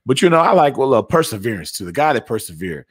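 A man of middling pitch chatting casually about sports. He tells stories in an animated, joking way, with playful asides. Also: quick pace, husky. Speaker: sports talk co-host.

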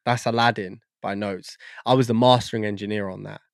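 A man's voice: fairly low pitch, fairly even intonation, brisk, vocal fry, no echo, studio quality. A man, a guest on a podcast, talking in a rambling, casual way and searching for words with lots of fillers. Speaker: guest audio engineer.

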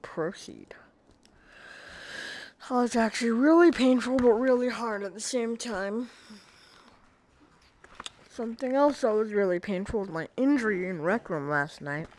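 A woman's voice: a little high, moderate pace, a little mellow, slight background noise, rough recording. A woman giving casual commentary while playing a video game, reacting with frustrated exclamations. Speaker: gamer. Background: game music.

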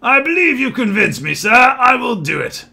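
A man's voice: extremely high pitch, sing-song, moderate pace, creaky, bright, forceful tone, voice pushed up, full character voice. A man voicing a noble, brooding male half-orc rebel leader in a video game, speaking in a formal, old-fashioned way. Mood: scheming.

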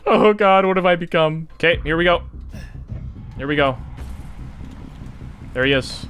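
Excitable young man playing a game. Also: sits high, a little slow, long pauses, a little hiss or hum. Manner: excitable, taunting enemies on screen. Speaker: gaming YouTuber. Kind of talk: let's play commentary.

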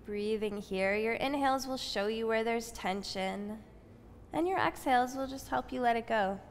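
A woman leading a yoga class with calm, soothing, unhurried guided cues. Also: a little high, slight background noise. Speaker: yoga instructor. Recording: long reverb from a spacious room.

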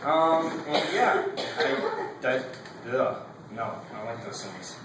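A man's voice: medium pitch, sing-song, slow pace, very echoey, recorded from a distance, background noise. A young man giving a casual class speech. He rambles, fills his talk with "like" and laughs between his points.

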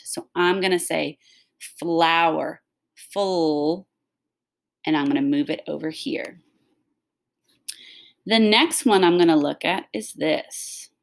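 A woman's voice: low voice, vocal fry. A woman teaching a recorded phonics lesson to young children, talking patiently and stretching out the sounds of words.

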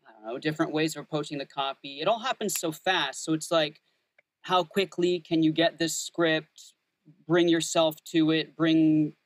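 Soft-spoken man, very dry sound. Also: fairly high pitch, steady tone, moderate pace, no echo. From Texas, USA. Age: 30s. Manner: thoughtful, many fillers and restarts. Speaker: voice actor and audiobook narrator. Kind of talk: casual interview chat.

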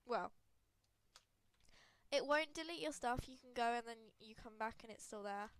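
A woman's voice: on the high side, normal speed. A woman with a cold, congested and sniffly, giving giggly, rambling, self-deprecating commentary over a video game. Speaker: gaming video creator. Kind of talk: casual gameplay commentary.

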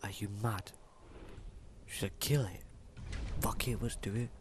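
A man giving let's-play commentary, swearing constantly and yelling at enemies in the game. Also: fairly low pitch, measured pace, background noise. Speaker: gameplay commentator.

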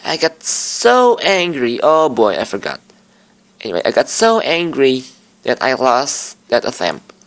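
A man's voice: mid-range voice, very animated, measured pace, a bit bright. A young man hosting a game playthrough, rambling and swearing as he fiddles with his setup. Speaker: lets-play host. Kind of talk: casual game commentary.

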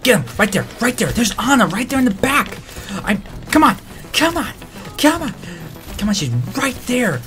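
A man giving excitable let's-play commentary, trash-talking and breaking into shouted outbursts. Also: very high-pitched, normal speed. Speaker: gamer and video creator.

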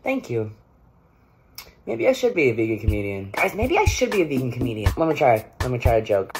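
A young man doing a comedic vlog monologue on his phone, mock-serious and dramatic, dropping between loud outbursts and hushed asides. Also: medium pitch, huge pitch swings, fairly quick, faint music behind. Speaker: comedy vlogger.

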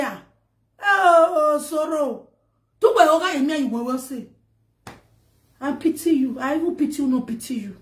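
High-pitched Nigerian woman scolding, echoey. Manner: emphatic, scolding, repetitive. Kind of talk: direct-to-camera rant. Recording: echoey room.

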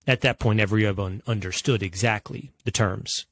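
A man from the United States giving an emphatic opinion monologue as a political commentator, full of rhetorical questions and drawn-out stresses. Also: fairly low pitch, a bit bright, no echo, studio quality.

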